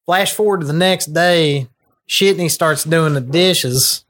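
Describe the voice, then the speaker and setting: A young American man, a podcast co-host, telling a long story in a casual, profane, animated way, full of slang. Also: a little high, slow pace.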